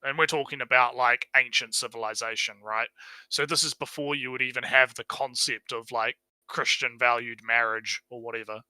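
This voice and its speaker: A man's voice: medium pitch, fairly even intonation, normal speed, sharp tone, no echo, low-quality recording. A man with a New Zealand accent chatting casually on a stream, rambling, swearing and laughing as he talks. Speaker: podcast co-host.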